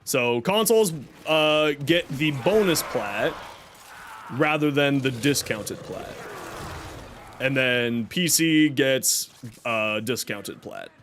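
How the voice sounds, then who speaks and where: With a mid-range, somewhat bright voice and lively intonation, a young man takes it slowly, a little hiss or hum in the background. He's on a live game stream, chatting casually and upbeat, announcing giveaways and thanking his viewers.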